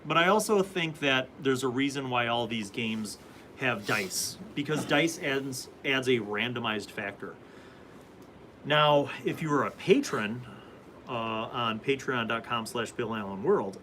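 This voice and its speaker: Chatty guy hosting a live stream, bright voice, bit of hiss behind him. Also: medium pitch, lively intonation, unhurried, low-quality recording. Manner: rambling, chatty, reads out viewer comments. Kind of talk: casual live-stream chat answering comments.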